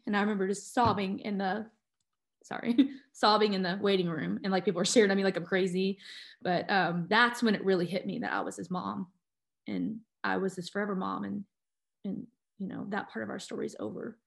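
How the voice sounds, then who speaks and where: A woman's voice: mid-range voice, steady tone, fairly quick, gravelly. A woman, an adoptive mother and guest, telling her personal story with feeling, tearful and full of fillers and restarts.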